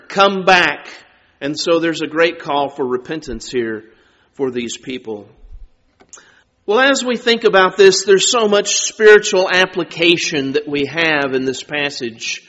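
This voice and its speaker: A man preaching a sermon, slow and deliberate, drawing out words for emphasis. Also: fairly high pitch, a bit bright. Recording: dull sound with long reverb.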